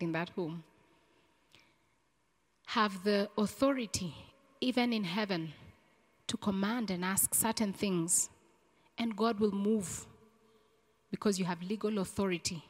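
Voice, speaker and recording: A woman's voice: mid-range voice, measured pace, pauses often, a little mellow. Woman preacher from Kenya, earnest sermon that builds into fervent prayer, echoing church hall. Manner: earnest, repeats key phrases, rising to fervent prayer. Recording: long reverb in a church hall.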